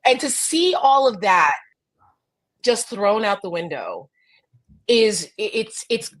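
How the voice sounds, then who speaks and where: A woman's voice: medium pitch, slow pace. Blunt New Jersey woman co-host. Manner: animated and blunt, swears freely. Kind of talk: casual political chat.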